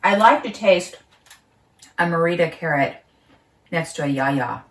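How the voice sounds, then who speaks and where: A woman's voice: on the low side, lively intonation, measured pace. A woman vlogging from her home kitchen, thinking aloud, laughing often and talking while eating. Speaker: market gardener vlogger. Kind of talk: casual home vlog. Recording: roomy sound, mic at a distance.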